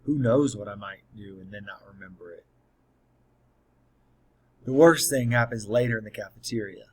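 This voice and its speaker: A man's voice: fairly low pitch, moderate pace, slightly rough, rough recording. A man narrating an audiobook in the first person, telling the story in a plain, earnest way.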